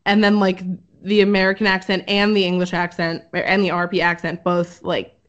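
A woman's voice: lowish voice, level tone, normal speed, highs cut off. A young woman co-hosting a podcast, explaining research in casual chat with lots of fillers and laughter. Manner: chatty, filler-heavy, laughs often. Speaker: podcast co-host presenting research.

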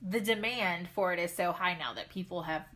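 A woman's voice: fairly low pitch, normal speed, fairly bright tone. A woman co-hosting a podcast in casual chat, teasing her partner and laughing often. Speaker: podcast co-host.

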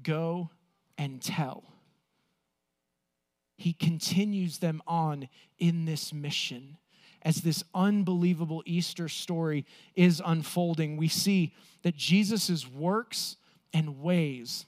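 A man preaching a sermon as pastor, earnest, slowing down for emphasis and acting out the quotes he reads. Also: on the high side.

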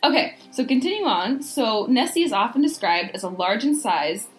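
A woman's voice: on the high side, animated, normal speed, soft background music, rough recording. Rambling American woman podcast host. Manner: rambling, full of "like" and "you know". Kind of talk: casual podcast chat.

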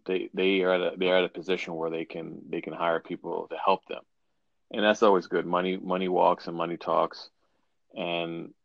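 A man's voice: low-pitched, creaky, no room sound, highs cut off. A man hosting a casual podcast chat, rambling with frequent restarts. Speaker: podcast host.

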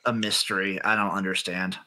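A man's voice: deep voice, flat delivery, a little fast, pushed and bright. A man co-hosting a casual sports podcast, swearing a lot and ranting about bad coaching with exasperation. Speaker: podcast co-host.

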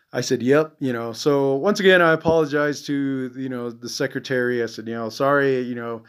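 A man hosting a podcast in an angry, profane, rambling monologue, full of "you know" fillers, his voice dropping and trailing off at the ends of phrases. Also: mid-range voice. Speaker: podcast host. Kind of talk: casual monologue.

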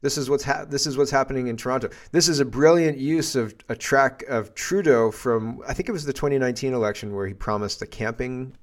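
Guy hosting a podcast, blunt and indignant, talking over clips, regular pitch. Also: brisk, hardly any pauses. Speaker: podcast host.

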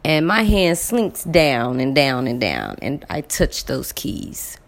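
A woman telling a personal story to her viewers in a casual, animated way, repeating words for emphasis. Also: extremely low pitch, slow, gravelly. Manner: addresses viewers directly.

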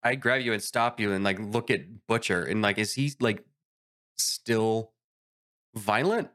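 A man's voice: lowish voice, unhurried, fairly bright tone. A man playing a tabletop game, talking casually with hesitant stammers. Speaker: player. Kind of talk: casual chat.

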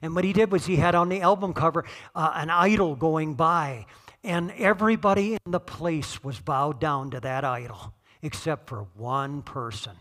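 High, bright-voiced male preacher. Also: normal speed. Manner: conversational, joking, swells to shouting on key points. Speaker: pastor. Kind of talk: sermon.

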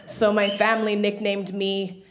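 A woman's voice: medium pitch, level tone, unhurried, noisy background. A young woman doing a stand-up comedy set on a club stage, chatty and self-mocking, filling her talk with "like". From Somalia (family). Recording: echoey room with loud audience laughter. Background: audience laughing.

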